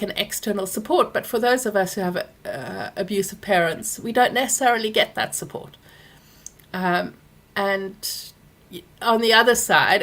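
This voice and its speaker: A woman, hosting a live Q&A and telling a personal story, animated when she acts out what others said. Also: lowish voice. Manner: animated when acting out quoted people. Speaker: workshop host answering questions.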